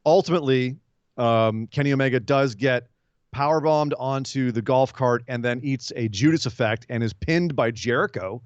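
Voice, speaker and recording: A man's voice: mid-range voice, normal speed, clean tone, dry recording. A man co-hosting a podcast, chatting casually and animatedly about wrestling, laughing and acting out the moves. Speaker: podcast co-host. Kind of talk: casual wrestling recap chat. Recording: slightly dull lo-fi audio.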